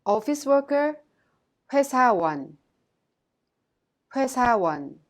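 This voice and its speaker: Woman teaching in a clear, careful voice. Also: sits high, very animated, moderate pace. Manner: clear, careful delivery, saying words twice for learners to repeat. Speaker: language teacher. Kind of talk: scripted lesson narration.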